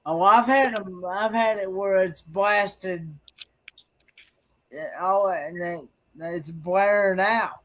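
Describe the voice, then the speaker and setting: A man hosts a casual late-night livestream chat in an unusually high voice for a man. He talks slowly and stumbles over repeated words as he looks for his next thought. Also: a bit bright. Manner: halting, repeats words while searching for them. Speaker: livestream host.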